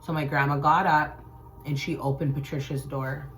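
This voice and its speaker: A woman's voice: low-pitched, moderate pace, soft background music. A woman hosting a spiritual channel, telling a personal story in a loose, conversational way and acting out the voices of the people in it. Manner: animated retelling, acts out quoted voices.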